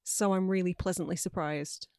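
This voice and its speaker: A woman's voice: on the low side, fairly even intonation, moderate pace, mellow, clean tone, dry recording, studio quality. A woman from Northern England hosting a film podcast, chatty and teasing in casual talk. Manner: chatty, teasing, laughs easily. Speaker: podcast host. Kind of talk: casual film-discussion chat.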